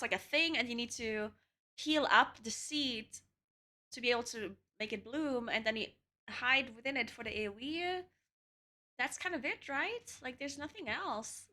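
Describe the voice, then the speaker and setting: Bright-voiced woman streamer thinking aloud. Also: sits high. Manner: chatty, thinking aloud, laughs often. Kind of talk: casual live-stream chat while gaming.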